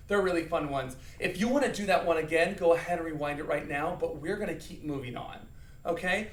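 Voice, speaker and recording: In an echoey room, a man runs an acting class for small children, counting along and playfully showing different emotions. His voice is a little high and fairly bright, at a normal speed. He's far from the mic, a bit off-axis.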